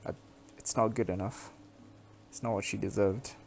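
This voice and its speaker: Man voicing a distraught young woman, low voice, accusing, bitter, game dialogue read aloud. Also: steady tone, normal speed, vocal fry, a little mellow, a little hiss or hum. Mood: angry. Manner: angry, accusing, heavy-hearted. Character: distraught young woman confronting her town.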